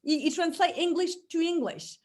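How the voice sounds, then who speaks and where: A middle-aged French woman with a French accent, speaking English as a guest in a relaxed interview, animated with frequent fillers and restarts. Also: very high voice, moderate pace. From France. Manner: expressive, many fillers and restarts. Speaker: speechwriter guest. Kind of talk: conversational interview.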